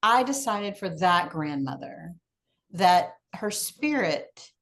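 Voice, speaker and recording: A woman's voice: lowish voice, animated, takes it slowly, fairly bright tone. Woman guest author, candid and reflective, dry humor, casual. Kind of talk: casual chat.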